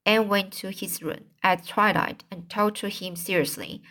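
A woman's voice: medium pitch, steady tone, unhurried, sharp tone. A woman reading a classic novel aloud as an amateur audiobook narrator, with occasional slips and restarts. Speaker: audiobook reader.

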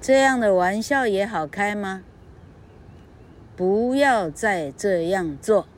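A woman's voice: medium pitch, expressive, takes it slowly, slight background noise. A woman voicing a stern but fond village father who speaks firmly and scolds. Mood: scolding. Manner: firm, scolding.

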